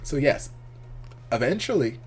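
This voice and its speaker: Candid, expressive male reaction vlogger. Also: mid-range voice, measured pace, slight background noise. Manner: candid and expressive, swears casually. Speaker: reaction video host. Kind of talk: casual reaction commentary.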